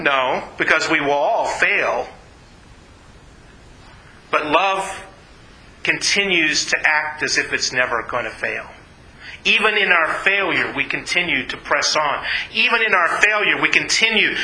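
A man's voice: sits high, sharp tone, reverberant, low-quality recording. A man preaching a sermon in an earnest, conversational way, often repeating his phrases. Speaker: pastor.

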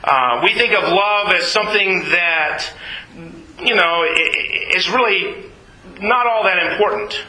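A male pastor preaching an animated sermon, acting out voices from Bible scenes. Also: sits high, slow pace, roomy sound, rough recording.

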